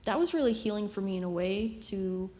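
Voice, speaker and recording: A young woman sharing an emotional personal testimony as a camp missionary, halting and long-winded with many fillers. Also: mid-range voice, lively intonation, warm tone. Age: young adult. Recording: reverberant room with faint noise.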